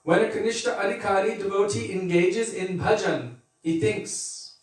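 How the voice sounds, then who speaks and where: A man's voice: sits high, moderate pace. Male spiritual teacher, easygoing, chatty class tone; recorded far off in a very echoey room. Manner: conversational, laughs and acts out quotes. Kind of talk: devotional scripture class.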